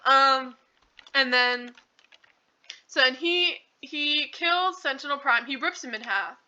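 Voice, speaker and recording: High, bright-voiced woman rambling. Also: takes it slowly. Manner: rambling, heavy on fillers and "like". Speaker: channel host. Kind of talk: casual movie recap. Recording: dull lo-fi recording.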